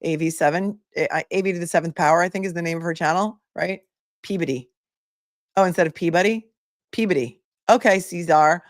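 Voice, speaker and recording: A woman's voice: fairly low pitch, fairly quick, dry recording. Woman, forties, livestream host, chatty, reads viewer comments, dry close sound. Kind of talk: casual livestream chat.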